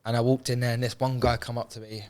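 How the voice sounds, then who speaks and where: A man's voice: medium pitch, little pitch movement, fast talker, a little mellow. Man telling his story candidly. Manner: swears freely, frequent restarts, acts out quoted speech. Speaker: guest.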